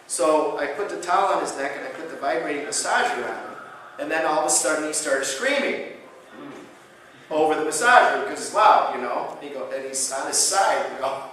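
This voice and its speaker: Animated male lecturer in an echoey hall. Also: fairly quick, far from the mic, slight background noise. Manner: animated storyteller, acts out quotes with big pitch jumps. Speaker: chiropractor giving a conference lecture. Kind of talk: storytelling lecture. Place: conference hall.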